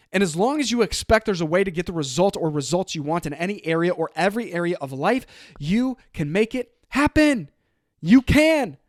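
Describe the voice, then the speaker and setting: A man hosting his own motivational podcast, telling a story in an energetic, conversational way and quoting others in his own voice. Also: high voice, dry recording, clean studio sound. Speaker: podcast host.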